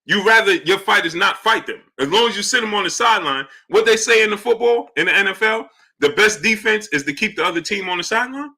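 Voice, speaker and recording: A man's voice: sits high, expressive, fast, hardly any pauses, bright, forceful tone. A man hosting a live boxing stream, arguing his points and greeting chat viewers by name. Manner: argumentative, repeats points. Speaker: boxing show host.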